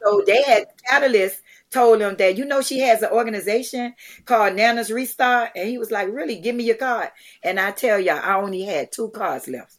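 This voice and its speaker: A middle-aged woman, an interview guest telling stories in a lively way, acting out the lines of people she quotes. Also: a little high, moderate pace. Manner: animated, acts out quotes, many restarts. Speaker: guest, charity founder. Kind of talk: conversational storytelling.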